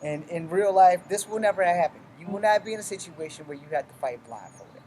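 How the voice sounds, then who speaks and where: A little fast and a little mellow, his medium-pitched voice carries over a slight hiss or hum. He casually demonstrates weapons work, moving through drills with step-by-step explanations full of blunt profanity.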